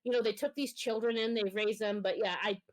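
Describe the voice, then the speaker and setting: A woman's voice: fairly high pitch, fairly even intonation, brisk, rough recording. Woman co-host running through picks. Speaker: podcast co-host. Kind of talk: casual podcast chat.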